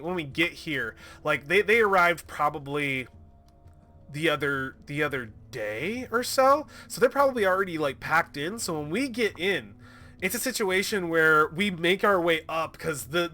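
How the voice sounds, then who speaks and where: A man narrating his solo tabletop game in casual chat. He is excitable and swears freely, with a lot of laughing. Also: fairly high pitch. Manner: excitable and profane, laughing often.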